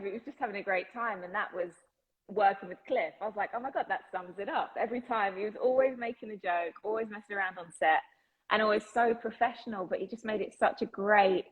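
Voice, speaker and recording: A woman's voice: medium pitch, fast talker, narrow, tinny audio. A woman with an English accent, chatting enthusiastically as an actress being interviewed and laughing often. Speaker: actress guest. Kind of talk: casual interview chat.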